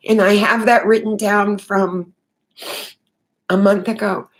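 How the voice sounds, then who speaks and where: Woman vlogger, mid-pitched, unhurried, earnest spiritual musing with frequent pauses and restarts. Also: flat delivery. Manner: earnest, halting, many fillers and restarts. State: tearful. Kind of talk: unscripted spiritual monologue.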